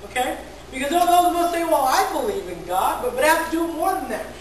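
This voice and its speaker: A woman's voice: sits high, animated, fast talker, slight background noise. Woman preaching in an echoey church. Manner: repeats words, asks the congregation questions. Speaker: pastor. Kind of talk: conversational sermon. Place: large echoey church hall. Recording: very echoey church hall from far off.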